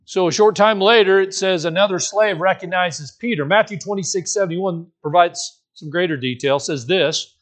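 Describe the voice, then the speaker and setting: A man's voice: on the high side, a bit bright. A man preaching a sermon, acting out the quoted voices with frequent restarts. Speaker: pastor.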